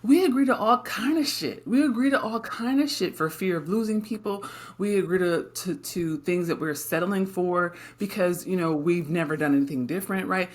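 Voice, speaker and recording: A woman's voice: on the low side, normal speed. A middle-aged woman co-hosting a podcast, talking in a candid, emphatic way and often checking in with tag questions. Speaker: podcast co-host. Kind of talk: casual podcast conversation.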